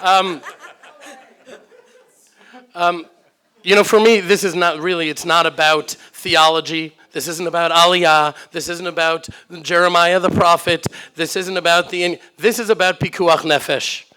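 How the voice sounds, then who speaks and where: A man's voice: on the high side, steady tone, a little slow, sharp tone, clean tone. A man moderating a conference panel, earnest and with light jokes.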